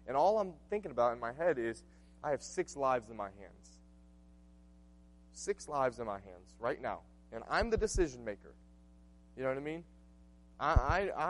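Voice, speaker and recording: Delivering a sermon, a pastor in his late twenties shares a personal story, earnest and conversational, with many asides. His voice is mid-range, and the recording carries a little hiss or hum.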